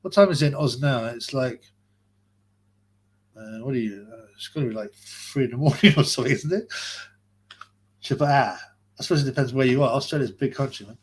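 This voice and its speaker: A young man hosts a casual live stream at a middle pitch. He rambles through viewer messages, chatty and loose, breaking into laughs and trailing off with fillers. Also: fairly quick, pauses often, breathy edge. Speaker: livestream host reading chat.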